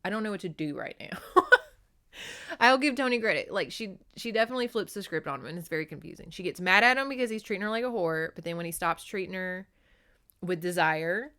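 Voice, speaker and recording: A woman hosting a podcast, recapping a book in casual chat; animated and profane, laughing often. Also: fairly low pitch, fast. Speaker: podcast host.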